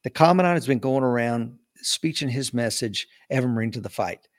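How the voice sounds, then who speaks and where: A man's voice: mid-range voice, brisk. A man telling his own stories in an interview, bringing the people he quotes to life as he goes. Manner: animated storyteller acting out quoted voices. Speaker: interview guest, retired Marine officer. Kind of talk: casual storytelling interview.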